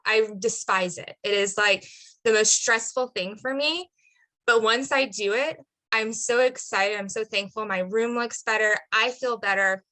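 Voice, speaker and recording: A woman's voice: fairly high pitch, measured pace, pushed and bright, poor audio. Mom sharing her story on a video call, earnest and heartfelt. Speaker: parent participant. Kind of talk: personal testimony.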